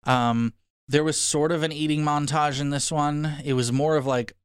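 Smooth-voiced man in casual review chat. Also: a little high, steady tone, moderate pace, no room sound, studio quality. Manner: rambling, frank, mocking. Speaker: podcast co-host.

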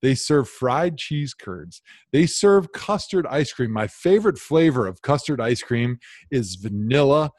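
A man from Wisconsin co-hosts a casual sports podcast. He tells his stories with animated, playful mock outrage. His voice sits close and dry on the mic, with no room sound. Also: medium pitch, measured pace, no room sound. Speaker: podcast co-host.

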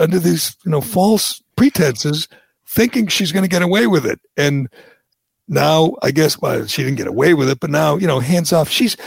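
A man's voice: a little high, vocal fry, breathy edge, no echo. A middle-aged man, hosting political talk radio with sarcastic, indignant ranting. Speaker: talk show host.

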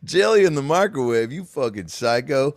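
A man's voice: mid-range voice, expressive, moderate pace, no echo, studio quality. A man hosting a comedy podcast, teasing his guest and often laughing, with stumbling restarts. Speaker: podcast host.

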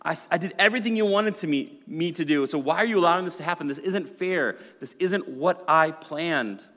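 A man's voice: on the high side, a little fast, a bit bright. A man voicing a young engaged teenage girl, talking in a breathless, pleading way. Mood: distressed. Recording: long hall reverb.

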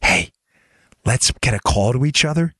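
A man's voice: medium pitch, animated, moderate pace, pushed and bright, slightly rough, no echo, studio quality. A man putting on a scheming mock-Russian spy. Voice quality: exaggerated fake Russian accent.

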